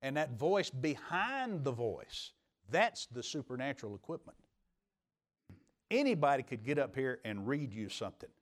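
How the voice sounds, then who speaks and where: A middle-aged male pastor preaching a sermon in a church. He drives his points up into strong, emphatic peaks, then falls back to quiet, confiding asides. His voice sits in an ordinary middle pitch for a man. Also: big pitch swings, moderate pace. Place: church sanctuary.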